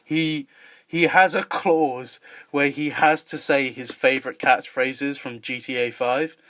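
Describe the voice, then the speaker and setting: A man's voice: mid-range voice, steady tone, a little slow, a bit bright, dry recording. A man hosting a podcast in casual chat, rambling and joking with lots of fillers and laughs. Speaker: podcast host and filmmaker.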